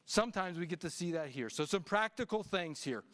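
A middle-aged man preaching a sermon as pastor, animated and swinging between hushed lines and shouts. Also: sits high, brisk.

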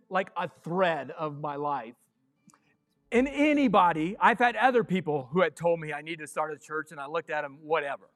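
A man preaching a sermon as pastor of his church, excitable and fiery, breaking into yells. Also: high-pitched, no room sound. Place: church sanctuary.

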